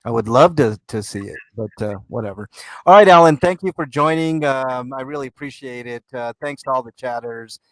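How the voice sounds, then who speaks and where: A man's voice: medium pitch, a little fast, dry recording. A man with an American accent hosting a casual talk show, laid-back, laughing often and reading out viewer comments. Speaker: podcast host.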